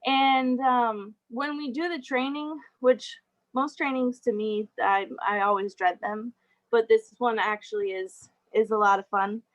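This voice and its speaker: A woman's voice: on the high side, fairly even intonation, a little slow, low-quality recording. A young adult woman giving a casual talk as guest speaker, chatty, with frequent laughs and fillers. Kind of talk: casual presentation over a video call.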